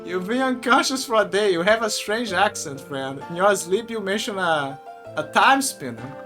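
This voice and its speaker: Calm steady soldier from a game, read out by a streamer, bright tone, faint music. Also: medium pitch, normal speed, natural voice.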